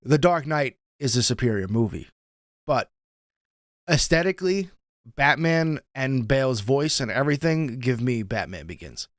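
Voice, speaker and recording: A man co-hosting a casual podcast, chatting in an animated way and laughing often. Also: medium pitch, moderate pace, no echo, studio quality. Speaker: podcast co-host. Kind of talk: casual chat.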